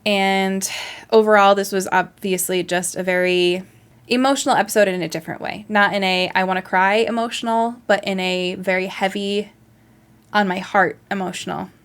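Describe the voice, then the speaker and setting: A woman's voice: mid-range voice, steady tone, normal speed, fairly bright tone, smooth. A woman hosting a reaction video, talking casually in an earnest, emotional way and thinking aloud.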